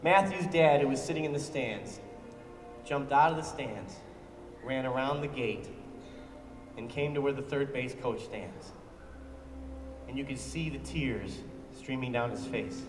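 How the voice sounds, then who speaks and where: A man's voice: mid-range voice, unhurried, long pauses, roomy sound, long reverb tail, music in the background. A man giving a motivational storytelling speech, dramatically acting out the people in his story. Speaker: motivational speaker.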